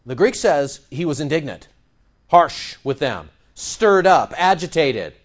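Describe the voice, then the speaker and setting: Slow, lively-pitched preaching man. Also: muffled recording. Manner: emphatic, swings between loud stress and soft asides. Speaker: pastor. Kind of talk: sermon.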